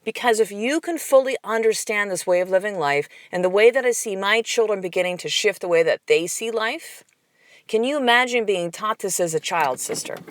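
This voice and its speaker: A woman's voice: mid-range voice, a bit bright, no room sound. A middle-aged woman hosting a motivational podcast, talking bluntly and with plenty of swearing as she coaches her listeners. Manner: blunt, profane, fired-up coaching talk. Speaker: podcast host.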